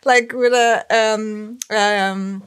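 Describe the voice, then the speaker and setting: A woman's voice: medium pitch, fairly even intonation, drawn-out words, clear, resonant tone. A woman co-hosting a casual podcast chat, giggly and often searching for words. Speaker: podcast co-host.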